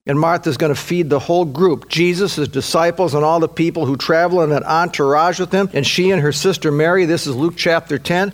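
A man delivers a sermon in a voice pitched fairly high for a man. He preaches with earnest emphasis and often repeats words and phrases as he drives home his points. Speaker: pastor.

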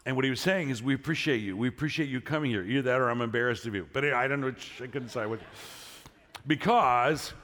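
In a church sanctuary full of long hall reverb, a middle-aged pastor preaches at a fast clip in a mid-range voice. His sermon opens with a casually told story and builds into energetic prompting of the congregation.

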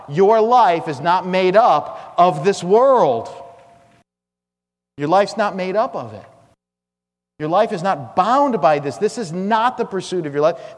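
A male pastor preaching an expository sermon, with emphatic, repetitive phrasing that swings between loud and hushed. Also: on the high side. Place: church sanctuary. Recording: long reverb of a church hall.

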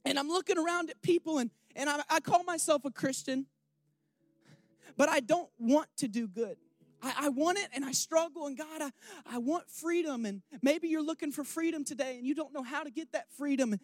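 A young man preaching a candid sermon, rambling with restarts and questions to his listeners, swinging from hushed emotion to loud rousing calls. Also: extremely high pitch, normal speed, no room sound.

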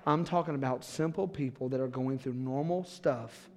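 A middle-aged male pastor preaches a sermon in a church sanctuary, speaking at normal speed with a medium pitch. He drops to a hush, then builds to shouts, and laughs along with the congregation.

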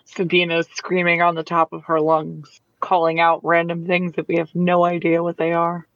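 A male player animatedly describes his character's actions. His voice is high, and the sound is muffled and lo-fi. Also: normal speed, no room sound. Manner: animated, narrating own character. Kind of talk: tabletop game chat.

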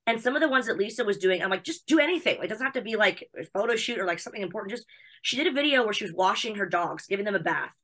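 A woman from the United States, a wrestling personality chatting as an interview guest, bubbly, excitable and chatty. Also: mid-range voice, racing. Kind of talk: casual chat.

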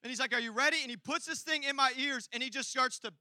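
A male pastor preaching a sermon, telling a personal story and building from quiet asides to loud, emphatic peaks. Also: extremely high pitch, quick pace, no echo.

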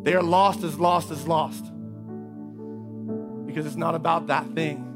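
Brief: high-pitched male pastor, energetic, chatty, repeats key questions. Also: measured pace, over music. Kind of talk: sermon.

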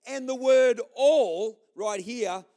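This high-voiced Australian man moves at a moderate pace while delivering a sermon at church. He's a pastor who keeps things lively, joking and storytelling as he speaks straight to the people in the pews.

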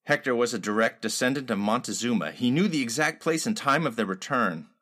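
A man's voice: mid-range voice, expressive, brisk, fairly bright tone. A man voicing a cunning male spy villain who talks in a smug, menacing way. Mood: scheming.

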